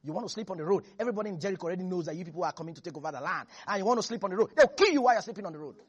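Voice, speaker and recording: A man preaching a lively sermon who acts out biblical figures and laughs often. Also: sits high, rapid-fire, slightly rough, muffled recording.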